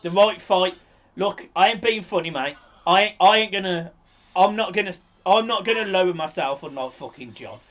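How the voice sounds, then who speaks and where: A man's voice: high voice, normal speed, fairly bright tone. A man co-hosting a football watch-along stream, talking bluntly with swearing in casual banter. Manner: blunt and swearing, scolds chat then gushes.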